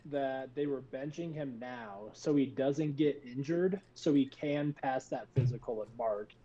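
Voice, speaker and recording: A man with a mellow, dark tone joins a casual sports podcast. He explains his points in a measured way. His mic sounds dull and lo-fi. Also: mid-range voice.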